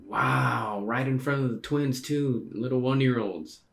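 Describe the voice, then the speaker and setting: A man streaming a casual read-through of a comic, reacting excitedly with slangy exclamations. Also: mid-range voice, a little slow, vocal fry. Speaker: streamer reading manga aloud.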